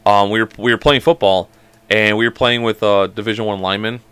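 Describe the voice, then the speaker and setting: Fast-talking man telling sports stories. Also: fairly low pitch, fairly even intonation, a bit bright, clear, resonant tone, no echo. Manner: rapid storytelling, swears freely. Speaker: podcast co-host. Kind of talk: casual sports chat.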